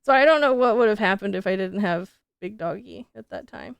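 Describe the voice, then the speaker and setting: A woman streamer telling stories in casual, animated chat, full of fillers like "like". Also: medium pitch, brisk, creaky, smooth, no room sound. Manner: animated, chatty, many fillers like "like". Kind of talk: casual live-stream storytelling.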